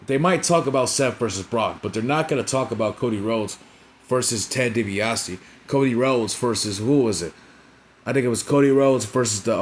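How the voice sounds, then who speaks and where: A man's voice: medium pitch, a little hiss or hum. A young man casually recapping a wrestling show, rambling and profane, forever tagging on "right?" and "you know what I'm saying?".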